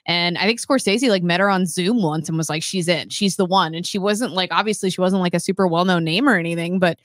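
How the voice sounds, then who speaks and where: A woman co-hosting a casual sports podcast, talking in a thoughtful, chatty way with quick light laughs. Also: fairly low pitch, no room sound, clean studio sound. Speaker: podcast co-host.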